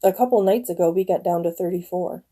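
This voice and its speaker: A woman in her forties chats with her viewers at home, rambling from one thing to the next and breaking into easy laughter. Her voice is very mellow and a little low. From northern Michigan. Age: 40s. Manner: chatty, rambling, quick to laugh. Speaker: live-stream host. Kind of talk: casual chat with viewers.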